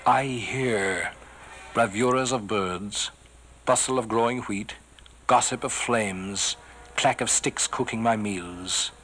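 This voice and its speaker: A man giving a theatrical poetry recitation, swelling on some phrases and dropping to a hushed whisper on refrains. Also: lowish voice, slow pace, faint music behind, rough recording. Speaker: poetry reader.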